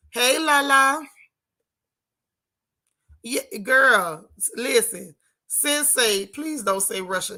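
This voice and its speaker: A woman hosting a livestream from her car, giving sassy, animated commentary and reading viewer chat aloud. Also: high-pitched, takes it slowly. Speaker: livestream host. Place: in a car while driving.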